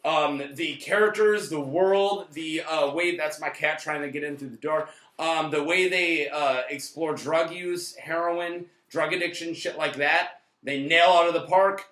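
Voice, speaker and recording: A high-pitched man in his late twenties rambles through a casual movie review, cracking jokes and swearing. He sounds a bit tipsy and his bright, sharp voice rings around an echoey room. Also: a little slow, few pauses. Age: late 20s. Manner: rambling, joking, swears often, bursts into loud shouts. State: tipsy from tequila and beer. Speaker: co-host of a movie review channel.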